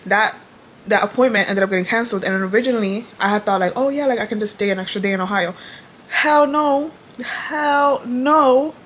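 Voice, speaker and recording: A woman's voice: medium pitch, very fast, a bit bright. Young woman vlogger, blunt storytime talk, exasperated, faint noise behind. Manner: blunt, exasperated, swears freely, lots of "like". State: tired. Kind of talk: casual storytime chat.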